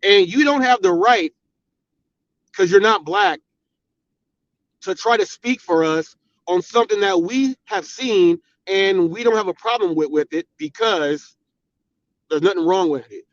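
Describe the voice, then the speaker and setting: A high-pitched American man hosts his own channel and fires off a heated commentary, hammering the same points again and again. His voice sits dry and close in a muffled, lo-fi recording. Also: lively intonation, a little slow, creaky, pauses often, no echo. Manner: confrontational, repetitive, emphatic. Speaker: channel host. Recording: dull, dry lo-fi sound.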